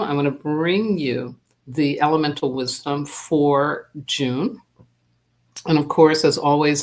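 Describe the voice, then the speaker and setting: A spiritual teacher hosting a live stream, talking casually and unhurriedly, with many pauses and fillers, and greeting viewers by name. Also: mid-range voice, a bit bright.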